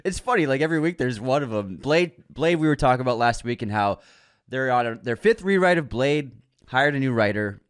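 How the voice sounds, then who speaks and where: A man with a mid-range voice co-hosts a casual movie news chat. He gets animated and swears to punch his points home. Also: medium pitch, fairly quick, clean tone. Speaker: podcast co-host.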